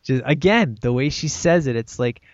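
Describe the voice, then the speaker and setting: With a medium-pitched, expressive voice at normal speed, a podcast co-host rambles happily about a film he loves, often ending sentences with "man." It's casual chat captured in a dull, dry lo-fi recording without echo.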